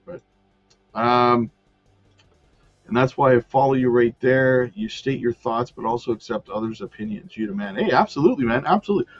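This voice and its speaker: A man's voice: medium pitch, creaky. Chatty male crypto streamer, dull stream audio. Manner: loose, chatty, swings from loud to muttered. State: has the hiccups. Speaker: crypto livestream host. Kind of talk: casual livestream chat reading viewer comments.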